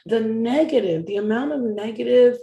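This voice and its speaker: A woman's voice: on the high side, normal speed, dark tone, roomy sound. A woman giving a casual live-stream tarot reading, blunt and profane, often chanting phrases over and over. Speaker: tarot reader.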